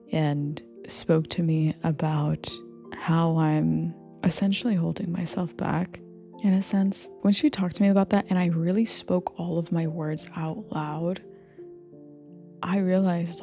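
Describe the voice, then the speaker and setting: A young woman rambling softly in a confiding comfort audio, partly whispered, with lots of fillers. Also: lowish voice, vocal fry. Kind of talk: soft whispered rambling monologue. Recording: faint music behind. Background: soft background music.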